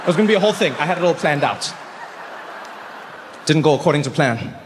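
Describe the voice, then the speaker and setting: A man doing stand-up storytelling, animated and acting out characters mid-story on a large theater stage. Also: a little high, quick pace, big-room sound, background noise. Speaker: stand-up comedian.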